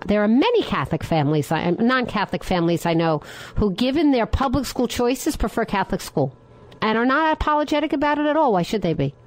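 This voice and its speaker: A woman's voice: on the high side, very animated, quick pace, no echo, low-quality recording. A middle-aged woman hosting a talk radio show, giving her opinions in a monologue and firing rhetorical questions at her listeners.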